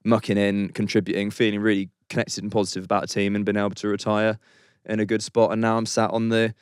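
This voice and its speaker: A man's voice: fairly low pitch, level tone, fast, smooth, no echo, clean studio sound. An English man in his thirties, a podcast guest who is losing his voice, telling a story in a rambling, chatty way full of "like" and "um". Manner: rambling, chatty, says "like" and "um" often. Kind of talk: casual storytelling.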